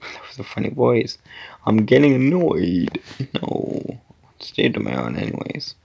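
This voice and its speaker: A man talks his way through an obstacle-course game, his voice heavy with fry. His pitch swings widely between quiet mutters and sudden exclamations. He keeps an easy, slow pace throughout. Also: huge pitch swings, slight background noise. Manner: mutters to himself, whispers under breath, exclaims at setbacks. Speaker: gamer playing an obstacle course. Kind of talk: casual gameplay commentary.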